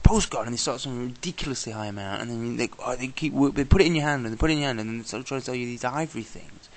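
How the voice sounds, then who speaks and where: A man's voice: mid-range voice, gravelly. A man talking casually in a travel vlog, exasperated and swearing, often imitating the people he met. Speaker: traveller vlogger.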